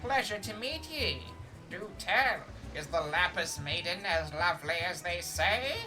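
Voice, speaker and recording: A woman's voice: on the low side, expressive, unhurried. A woman voicing a jovial, boastful old male merchant with folksy old-timey speech, over game music. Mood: hearty. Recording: music playing underneath.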